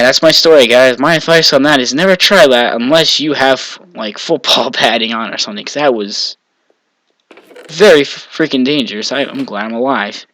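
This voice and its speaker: A young man from Maine spins a casual story, wandering and correcting himself as he goes. His voice is bright and forward, recorded dry and close with no room around it. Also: medium pitch, dry recording, rough recording. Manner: rambling, self-correcting, chuckling asides. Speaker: vlogger.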